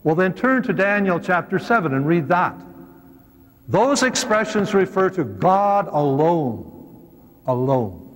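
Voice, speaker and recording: Priest teaching a crowd, chatty and animated, lots of pitch swings, big echoey hall sound. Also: male voice. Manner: animated, conversational, with humorous asides. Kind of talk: teaching talk to a live audience. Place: hall with a seated audience.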